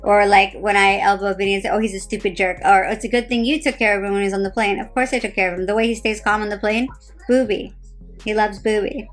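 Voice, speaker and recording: A woman's voice: mid-range voice, steady tone, quick pace, soft background music. A tired woman in her thirties with a New Jersey accent, chatting casually on a phone live stream, rambling with lots of "like" fillers and a sarcastic edge. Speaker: reality TV personality on a live stream.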